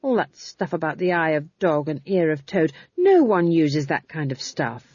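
A woman reading an audiobook, voicing an earnest, anxious young witch in a high, eager voice. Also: sing-song, moderate pace, a little mellow, slightly rough, no room sound, lo-fi sound, heavily acted.

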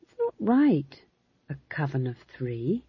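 A woman's voice: sits low, very animated, takes it slowly, slightly rough, no echo, exaggerated voice. A woman voicing a young, fretful witch who talks in an earnest, quavering, defensive way. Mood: plaintive. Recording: dull lo-fi dry recording.

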